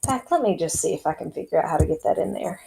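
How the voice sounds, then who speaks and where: A woman's voice: on the low side, expressive, racing, creaky, mellow, a little hiss or hum, poor audio. A woman teaching a recorded lesson to her students, explaining step by step in a chatty way as she types. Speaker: Spanish teacher. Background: keyboard typing and clicks.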